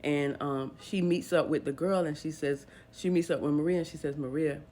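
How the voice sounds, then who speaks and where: A woman's voice: deep voice, steady tone, moderate pace, mellow, slight background noise. A woman retelling a dramatic true story in a casual storytime way, animatedly acting out the people's lines.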